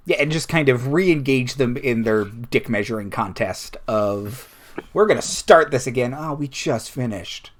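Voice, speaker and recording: A man narrating as game master in a tabletop role-playing game, chatty and laughing often. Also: mid-range voice.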